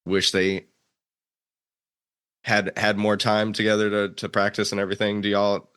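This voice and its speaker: Podcast host, young man, low bright voice, easygoing and chatty. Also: monotone, normal speed, clean tone. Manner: laid-back, laughs often, many fillers and restarts. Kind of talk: casual chat.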